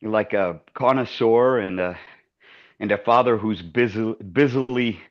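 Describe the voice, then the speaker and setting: A man with a lowish voice tells a story with lots of restarts and acted-out quotes. The sound is muffled and lo-fi, as if captured on a dull recording. He talks casually in a class discussion. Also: a little slow. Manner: animated, self-interrupting storyteller. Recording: muffled lo-fi audio.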